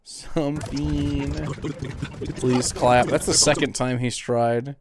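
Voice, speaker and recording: A man's voice: mid-range voice, steady tone, slow pace, background noise. A man streaming, reacting to videos and mocking chat in a sarcastic, profane casual chat.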